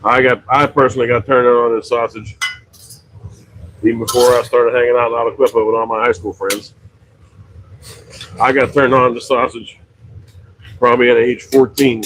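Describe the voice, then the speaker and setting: A middle-aged man from western Pennsylvania rambles through a story about his pizza shop. He talks at an ordinary mid pitch, stopping often to correct himself with fillers. A faint hum of ambience sits behind him. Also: flat delivery, normal speed, long pauses, a bit bright, poor audio. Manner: rambling, self-correcting anecdotes with many fillers. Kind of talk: casual storytelling on a livestream.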